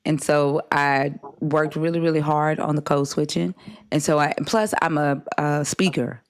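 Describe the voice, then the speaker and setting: A woman's voice: low-pitched, fairly even intonation, measured pace. A woman from the American South hosting a live stream, talking casually and bluntly, swearing as she lectures her chat. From Southern United States.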